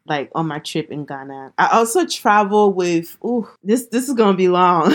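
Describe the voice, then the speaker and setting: A woman's voice: mid-range voice, measured pace, hardly any pauses. A young woman from Liberia casually telling a personal travel story, chatty and full of "like" fillers.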